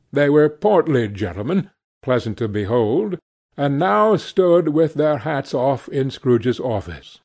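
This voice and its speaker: A man narrating a classic novel in a measured, expressive audiobook reading. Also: fairly high pitch.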